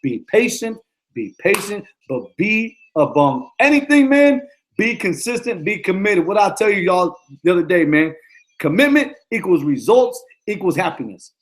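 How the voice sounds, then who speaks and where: A man's voice: sits high, very animated, moderate pace. A middle-aged man, a football coach, giving a motivational talk in an emphatic, repetitive, slangy way.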